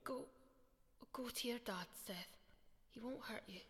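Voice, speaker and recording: A woman playing a hushed, soothing mother. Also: on the high side, measured pace, big-room sound. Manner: soft, hushed, pleading. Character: frightened, soothing young mother. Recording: noisy background hiss.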